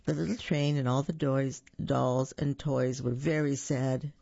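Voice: medium pitch, steady tone, measured pace, vocal fry, mellow, dry recording. A storyteller reading a picture book aloud, describing the pictures and stumbling over words now and then. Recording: dull, slightly lo-fi recording.

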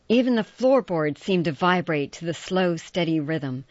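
A woman narrating a scripted ghost story slowly and dramatically. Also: on the low side, lively intonation, no echo. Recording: dull lo-fi recording with faint music.

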